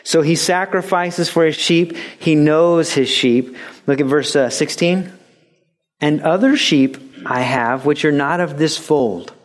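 Male pastor, slightly high voice, animated sermon delivery with comic put-on voices. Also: unhurried. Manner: animated, jokes, puts on voices for quoted people.

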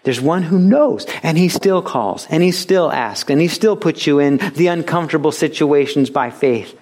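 A man preaching from the pulpit, his voice sitting a little higher than most men's. He is lively and playful, slipping into little voices for the people he quotes, then settling back into earnest teaching. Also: normal speed, hardly any pauses. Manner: animated, jokes, puts on voices for quoted people. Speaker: pastor. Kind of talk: sermon.

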